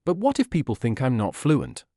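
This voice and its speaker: A man voicing a shy young male immigrant software tester who speaks hesitantly and quietly. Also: medium pitch, wildly swooping pitch, moderate pace, no echo, clean studio sound. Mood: unsure.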